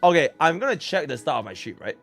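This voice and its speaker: A young man from Singapore streaming live, chatting casually with his viewers and swinging between low mumbles and excited shouts. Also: fast talker, slightly rough, faint music behind. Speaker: livestreamer.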